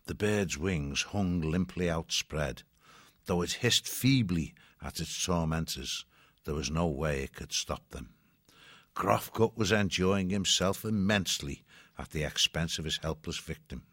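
A man reading a children's adventure novel aloud in a measured, expressive way. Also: sits low, no room sound, clean studio sound. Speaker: narrator. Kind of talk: audiobook narration.

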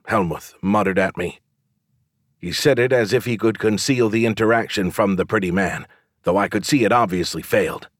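A man reading a first-person fantasy audiobook in a measured, reflective way on a close studio mic. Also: fairly low pitch, no room sound. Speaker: audiobook narrator.

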